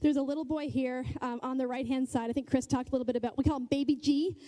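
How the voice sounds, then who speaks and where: A woman's voice: sits high, steady tone, fast talker, mellow. A middle-aged woman giving a conversational, earnest talk in church as a guest speaker, telling stories and checking in with the audience. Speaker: guest speaker, nonprofit leader.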